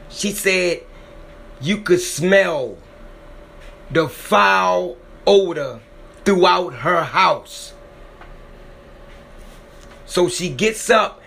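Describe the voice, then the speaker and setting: A man's voice: high-pitched, creaky, fairly bright tone. A man retelling someone's frightening encounter in an emotional, dramatic way, often repeating himself. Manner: dramatic, repetitive, voice swells when emotional. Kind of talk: emotional spoken storytelling.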